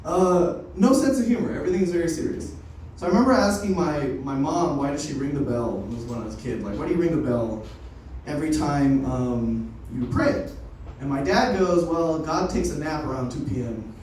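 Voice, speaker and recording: A man's voice: on the high side, expressive, fairly quick, darkish tone, slight background noise. A young man doing a loose, unrehearsed stand-up set, telling stories with lots of swearing and laughs. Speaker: stand-up comic. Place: comedy open mic room. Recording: echoey room from far off.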